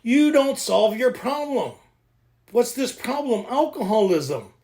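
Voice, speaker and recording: A man leading a recovery workshop, joking, excitable and laughing often as he explains the reading. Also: very high voice, slow, slight background noise. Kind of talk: animated teaching talk.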